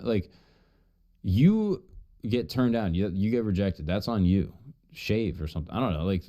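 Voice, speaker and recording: A man's voice: on the low side, animated, normal speed, mellow. A man streaming while he retells an old myth in a casual, profane, joking way, full of asides.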